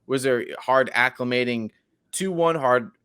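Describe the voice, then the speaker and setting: A man's voice: mid-range voice, a little slow, fairly bright tone, smooth, no room sound, studio quality. A man hosting a podcast, asking long, winding questions and giving short acknowledgments. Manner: gives short acknowledgments, asks meandering questions. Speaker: podcast host. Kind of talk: interview questions and backchannels.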